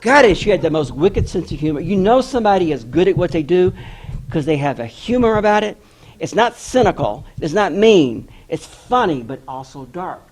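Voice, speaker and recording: A man's voice: high voice, moderate pace. An author telling a story in an address and acting out the people he quotes. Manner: animated storyteller who acts out quoted voices. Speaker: author giving a talk.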